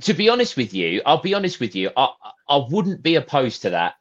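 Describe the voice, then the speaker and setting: A man co-hosting a football podcast in casual chat. He talks thoughtfully, pausing on fillers as he works through his points. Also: medium pitch, wildly swooping pitch, muffled recording. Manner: thoughtful, hesitant, many fillers. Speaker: podcast co-host.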